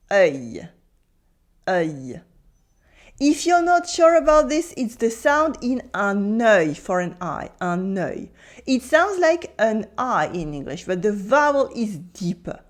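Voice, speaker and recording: A woman with a French accent teaching pronunciation in English, patiently modeling words and repeating them for the listener. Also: medium pitch. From France. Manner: patient, drills words slowly with repetitions. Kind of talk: pronunciation lesson.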